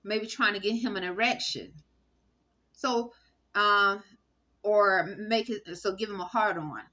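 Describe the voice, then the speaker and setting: A woman talking straight to camera in a rambling, halting monologue full of fillers and restarts. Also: mid-range voice, pushed and bright. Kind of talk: casual spoken monologue.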